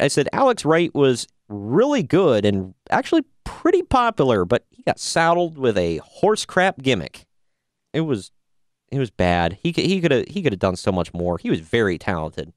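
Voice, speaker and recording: A man's voice: medium pitch, sing-song, moderate pace, no room sound, clean studio sound. A man hosting a casual podcast, recapping wrestling matches in a laid-back, sarcastic way and laughing often. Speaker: podcast host reviewing wrestling. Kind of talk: casual chat.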